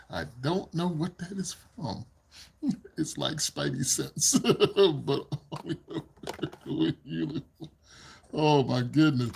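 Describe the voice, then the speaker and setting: Giggly, husky man chatting slowly. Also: a little high, big pitch swings, darkish tone. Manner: giggly, laughs often between sentences; rambling, repeats himself. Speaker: livestream host. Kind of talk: casual livestream chat with viewers. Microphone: desk microphone.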